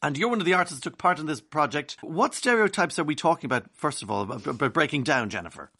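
Quick-talking male radio host. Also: a little high, expressive, bright, forceful tone, breathy edge. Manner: conversational, quick asides. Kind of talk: radio interview. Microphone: studio microphone.

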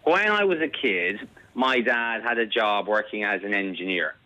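A man's voice: lowish voice, expressive, moderate pace, sharp tone, low-quality recording. An Irish man in his forties calling in to a radio chat, talking in a precise, particular way about how words should be said. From Ireland. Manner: precise, fussy about pronunciation. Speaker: caller. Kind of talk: casual chat. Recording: radio call.

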